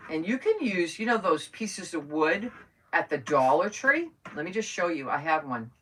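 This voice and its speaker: A woman's voice: on the low side, big pitch swings, normal speed. A woman chatting casually with her viewers while doing a craft project live, rambling and greeting people by name. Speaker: crafting livestream host. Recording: voice a bit far from the mic, faint noise.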